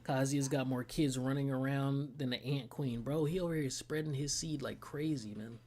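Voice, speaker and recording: A man casually reacting to a game trailer, slangy and excitable, often breaking into laughter. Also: medium pitch, normal speed, hardly any pauses. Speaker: gaming streamer reacting to a trailer.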